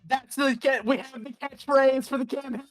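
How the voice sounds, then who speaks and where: A woman playing a tabletop game, excitable and quick to laugh. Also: high voice. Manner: giggly, excitable. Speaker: player. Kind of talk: casual chat.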